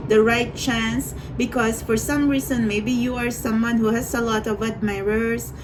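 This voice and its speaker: A woman's voice: on the high side, slight background noise, low-quality recording. A woman doing a tarot reading for viewers, rambling and hesitant, with many restarts. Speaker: tarot reader.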